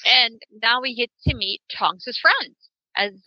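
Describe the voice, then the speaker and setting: A woman's voice: fairly high pitch, lively intonation, takes it slowly, no room sound, dull audio. A woman in casual chat with friends, laughing often and making jokey asides. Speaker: podcast co-host.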